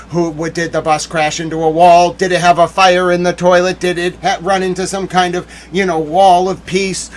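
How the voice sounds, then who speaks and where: Male stream host with a raised pitch, ranting and demanding answers on the news. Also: flat delivery, normal speed, hardly any pauses. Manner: indignant, demanding rant. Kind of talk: livestream news commentary.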